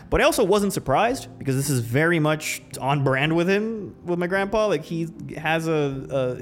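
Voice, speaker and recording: A man hosting a podcast, telling a personal story in a loose, reflective way, full of restarts. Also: mid-range voice. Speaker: podcast host. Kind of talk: casual storytelling.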